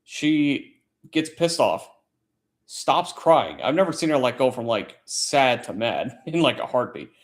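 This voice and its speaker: A man's voice: mid-range voice, big pitch swings, a little slow. A man hosting a casual late-night chat stream, telling a long story in a rambling, profane way. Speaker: livestream host; military service member.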